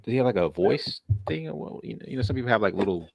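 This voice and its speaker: Male podcast host, low voice with a lively, swinging pitch; casual and rambling, dry close sound. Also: quick pace, vocal fry, no room sound. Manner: animated, laughing, rambling with restarts. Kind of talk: casual chat.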